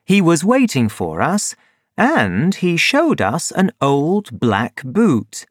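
Slow, expressive male storyteller. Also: a little high, no echo, clean studio sound. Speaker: narrator. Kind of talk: audiobook story reading.

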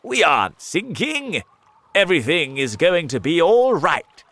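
A man doing a cheerful old grasshopper, high and lively. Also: a little slow, no room sound, heavily acted. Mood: hopeful. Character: old green grasshopper, kindly and hopeful.

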